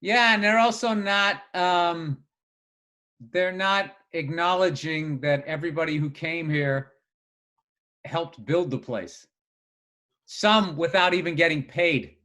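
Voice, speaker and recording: A man co-hosting a podcast in casual chat, rambling and swearing freely with animated asides. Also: fairly high pitch, slow pace. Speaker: podcast co-host.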